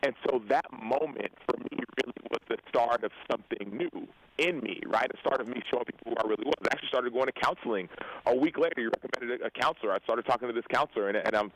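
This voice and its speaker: A young man and football player telling a personal story in an interview, earnest and animated, acting out the dialogue he quotes. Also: mid-range voice, rough recording. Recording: radio show broadcast audio.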